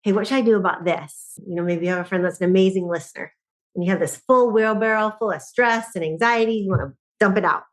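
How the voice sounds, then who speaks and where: A middle-aged woman, a podcast guest who speaks on joy and laughter, telling stories in lively conversation and often laughing. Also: medium pitch, quick pace. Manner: animated storyteller, often laughing.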